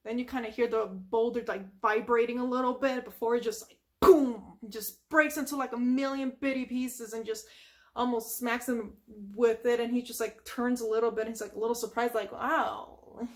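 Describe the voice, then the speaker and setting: A woman with a somewhat high voice and steady tone, speaking at normal speed, casually retells a cartoon episode from memory. She's chatty, saying "like" a lot and throwing in sound effects as she tells the story.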